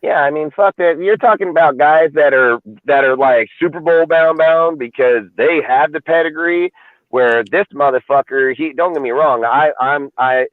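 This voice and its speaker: A man's voice: fairly high pitch, moderate pace, dry recording. Profane, ranting man on a tinny line. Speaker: podcast host. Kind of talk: casual sports talk. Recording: dry, phone-like lo-fi audio.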